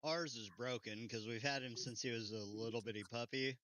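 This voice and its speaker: An easygoing man in casual chat who laughs often. His voice is bright and crisp, recorded close and dry. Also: medium pitch, fairly quick, no echo, rough recording.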